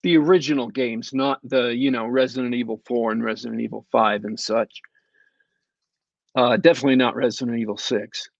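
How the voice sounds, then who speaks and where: A man's voice: mid-range voice, steady tone, brisk, creaky, dry recording, highs cut off. A man co-hosting a podcast, reviewing shows with sardonic, rambling commentary and many ums and uhs. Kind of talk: casual podcast chat.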